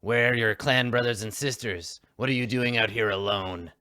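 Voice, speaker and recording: A man's voice: medium pitch, normal speed, bright, forceful tone, clean tone, no echo, studio quality, lightly acted. A man voicing a suspicious, commanding male kobold leader with a green face in a tabletop game. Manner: scowling, commanding, curt.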